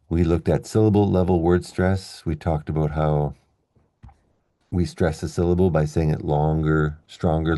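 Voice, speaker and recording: A man teaching an online English pronunciation lesson, explaining clearly and slowing down to model the stressed words. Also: a bass voice, dark tone, dry recording, studio quality.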